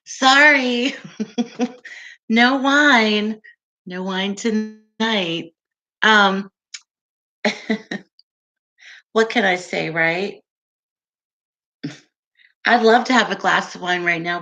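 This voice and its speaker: A woman's voice: mid-range voice, drawn-out words, pauses often, pushed and bright, highs cut off. A woman hosting a casual livestream, chatting with viewers, laughing often and answering their comments. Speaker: livestream host.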